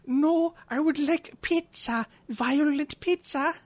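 A man putting on the voice of a whimsical, eccentric woman singer in a comic read-through, with slow, oddly formal phrasing. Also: extremely high pitch, pitched above the performer's own voice.

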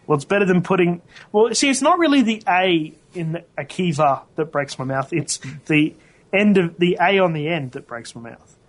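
A man's voice: sits high, lively intonation, normal speed. A man, sounding, co-hosting a casual tech podcast, rambling and correcting himself as he goes. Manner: rambling, self-correcting, laughs often. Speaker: podcast co-host.

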